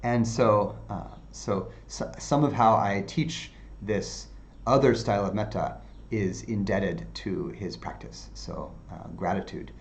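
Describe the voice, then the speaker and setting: A male meditation teacher giving an unhurried dharma talk, with many fillers and softly repeated phrases. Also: on the low side, creaky, slight background noise.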